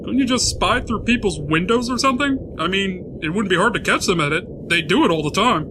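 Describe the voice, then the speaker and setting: A man's voice: high-pitched, expressive, a little fast, background noise. A man playing a panicked abducted store manager. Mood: bewildered. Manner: panicked questioning, flustered.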